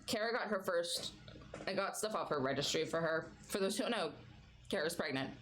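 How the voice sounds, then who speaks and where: A woman's voice: on the low side, animated, brisk, a bit bright. A young adult woman streamer chatting casually and laughing often between stories. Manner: chatty, giggly, baby-talks her pets. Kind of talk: casual chat.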